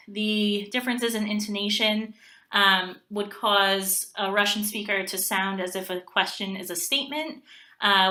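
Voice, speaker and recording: A young woman giving a class presentation on language learning, pausing often with ums as she explains. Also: mid-range voice, pushed and bright. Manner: hesitant, many ums. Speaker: graduate student presenter.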